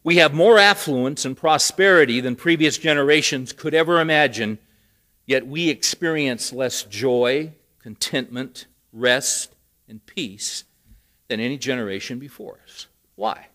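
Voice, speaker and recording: A man's voice: medium pitch, measured pace, pushed and bright. A man preaching a sermon, telling a story with rising emphasis and dry humor. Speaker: pastor.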